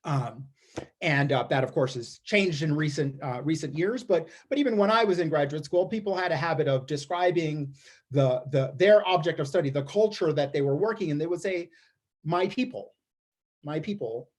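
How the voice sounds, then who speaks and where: A man's voice: a little high, lively intonation, moderate pace. A man giving a wry, observational comic storytelling monologue, often restarting his sentences. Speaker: storyteller performer. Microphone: streamed performance mic.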